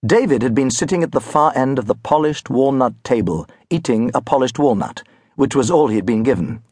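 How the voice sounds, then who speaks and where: A man narrating an audiobook in a wry, expressive storytelling manner. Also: mid-range voice, a little fast, husky, no echo, studio quality. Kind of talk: scripted narration.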